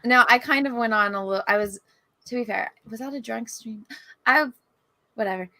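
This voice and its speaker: A woman's voice: on the high side, normal speed, pushed and bright, no echo. Ranting woman guest, swearing. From California. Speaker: podcast guest. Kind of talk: casual group chat.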